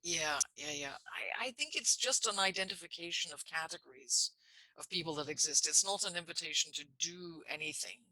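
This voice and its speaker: A man in a reflective church discussion, speaking haltingly with frequent restarts and fillers. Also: fairly high pitch, sharp tone, no echo, rough recording. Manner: halting, restarts phrases, many "you know" and "I mean".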